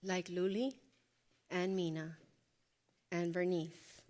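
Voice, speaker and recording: A woman's voice: fairly low pitch, flat delivery, takes it slowly, darkish tone. A woman presenting a workshop, speaking emphatically and directly to her audience as she coaches them. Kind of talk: motivational workshop talk.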